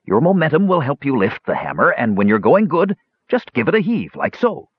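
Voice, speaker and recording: Sly gruff dwarf, bearded and boastful, as a man puts him on, lively swooping delivery, dull dry recording. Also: mid-range voice, brisk, dry recording, voice pushed up. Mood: coaxing. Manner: gruff, calls others laddie.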